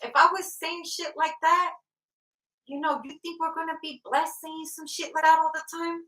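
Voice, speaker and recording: A woman's voice: extremely high pitch, little pitch movement, moderate pace, bright, forceful tone. A woman giving a casual tarot reading, blunt and profane, often breaking into laughter. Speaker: tarot reader. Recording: roomy sound from off the mic.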